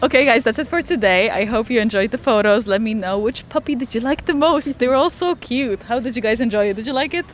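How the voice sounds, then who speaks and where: A woman's voice: fairly high pitch, fast, hardly any pauses, slight background noise. A young woman photographer hosting a casual vlog outdoors, cooing at dogs and then talking to camera. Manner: gushing baby talk to dogs. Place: outdoors on city streets.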